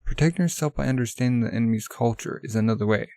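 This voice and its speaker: A man voicing a calm, stubborn young male runner who explains his reasoning in a measured way. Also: mid-range voice, no echo, studio quality, natural voice. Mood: calm resolve.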